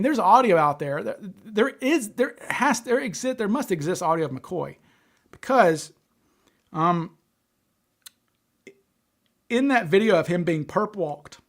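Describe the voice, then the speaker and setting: A man with a fairly high-pitched voice chats casually as the host of a livestream. He stutters often, repeating words and restarting his sentences as he thinks aloud.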